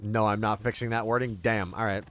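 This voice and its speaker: A man's voice: fairly low pitch, flat delivery, brisk, a bit bright. A man chatting casually on a game livestream, playful and rambling, swearing freely as he talks to his chat. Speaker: streamer.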